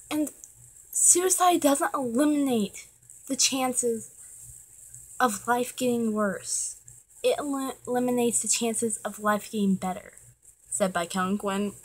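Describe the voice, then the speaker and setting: A woman's voice: a little high, slow pace, pauses often, husky, low-quality recording. A teenage girl giving an earnest, emotional pep talk to her viewers, swearing when she gets worked up. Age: teens. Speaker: vlogger.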